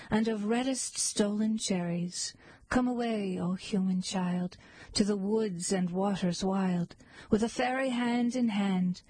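A woman reading poems aloud in a slow, measured, lilting recitation. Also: mid-range voice, mellow, slightly rough, dry recording, rough recording. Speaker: poetry reader.

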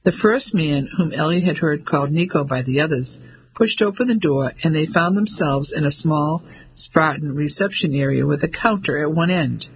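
Male narrator, audiobook, measured delivery, husky tone, somewhat high voice. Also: poor audio.

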